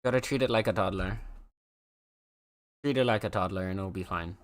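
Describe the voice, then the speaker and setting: A streamer chatting casually with viewers, gushing over pets with drawn-out exclamations and a cooing voice. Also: deep voice.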